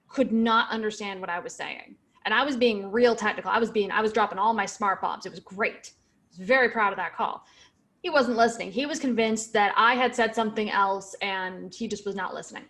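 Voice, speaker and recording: A woman co-hosting a podcast in a casual advice chat, speaking in a direct, emphatic way. Her voice sits a little higher than most women's. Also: fairly bright tone. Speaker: podcast co-host.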